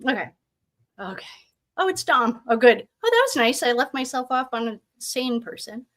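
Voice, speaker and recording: A young woman talks casually with her viewers as she hosts a tarot livestream. Her voice sits a little high, and she rambles along with giggles and self-deprecating asides. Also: very animated, moderate pace, fairly bright tone. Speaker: tarot reader and channel host.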